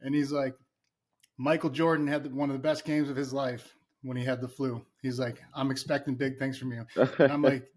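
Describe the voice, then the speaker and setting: A man co-hosting a podcast, a former football player telling profane, animated stories in casual chat. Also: mid-range voice, normal speed.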